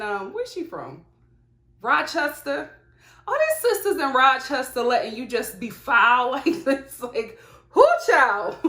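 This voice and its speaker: A high-pitched woman recaps a reality show for her vlog, full of sassy asides and laughter. Her voice swings widely up and down as she talks. The sound carries a roomy echo from the indoor space. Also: a bit bright. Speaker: reality TV reviewer. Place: indoor room with studio lights.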